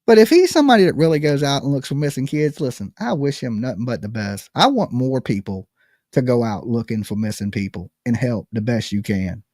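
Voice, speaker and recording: A man's voice: mid-range voice, very animated, brisk, darkish tone, no echo, clean studio sound. A man hosting a live call-in stream, chatting casually and profanely, joking at his own expense and saying "okay" often. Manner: joking, self-mocking. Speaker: live call-in show host. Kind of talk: casual rambling livestream chat.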